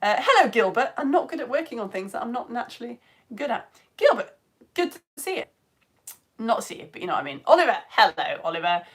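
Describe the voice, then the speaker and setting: A British woman hosting a live-streamed science lesson, her fairly high voice swooping between big delighted squeals and quiet mutters. She chats warmly and quickly to viewers, reading their messages aloud and dropping self-mocking jokes. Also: sing-song. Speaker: online science teacher.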